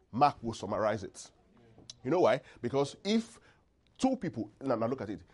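A male preacher delivering a sermon with a voice that swoops up and down, full of expressive rises and falls. He keeps checking in with his listeners and leaves gaps in the verses for them to call back the missing word. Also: medium pitch. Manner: call-and-response, asks congregation to finish verses.

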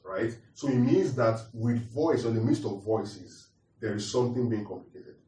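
A man's voice: mid-range voice, normal speed, warm tone. A man preaching a teaching sermon, repeating his points and asking the congregation questions. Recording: roomy echo, distant mic.

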